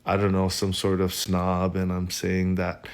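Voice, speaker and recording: Deep-voiced Hawaiian man telling a story. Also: unhurried. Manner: animated, wry, laughs while telling. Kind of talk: storytelling monologue.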